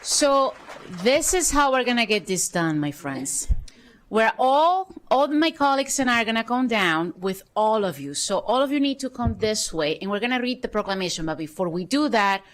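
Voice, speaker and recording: A woman's voice: fairly high pitch, sing-song, normal speed. A woman presiding over a council session, hosting a ceremony in a chatty, playful way.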